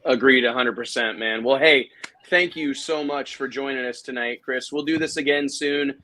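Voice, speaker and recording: Joking talk-show host. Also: male voice, medium pitch, fairly even intonation, normal speed, pushed and bright. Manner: joking, rambling, with many fillers. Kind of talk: casual live commentary chat.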